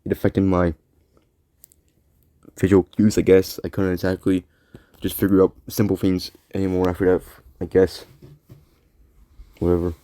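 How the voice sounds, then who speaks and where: A podcast host runs a casual solo talk show in a lowish, warm, mellow voice, level in tone and moderate in pace. He drifts from thought to thought, repeats words, pauses often and lets sentences trail into quiet mumbles, recorded dry and close with no echo.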